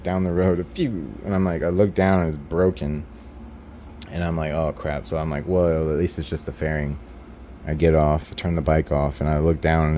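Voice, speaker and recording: A man's voice: very deep voice, mellow, a little hiss or hum. A young man ranting in a rambling, profane, exasperated way as host of his own motorcycle vlog. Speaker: motovlog host.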